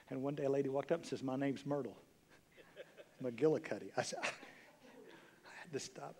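A pastor preaching a sermon to his congregation, swinging between loud exclamations and hushed, intimate lines, with casual asides. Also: mid-range voice, steady tone, moderate pace, gravelly. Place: church sanctuary.

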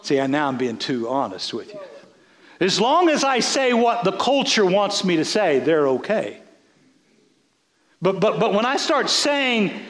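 A man's voice: high-pitched, very animated, unhurried, fairly bright tone, roomy sound. A man, a bishop, preaching a folksy sermon, repeating words as he builds.

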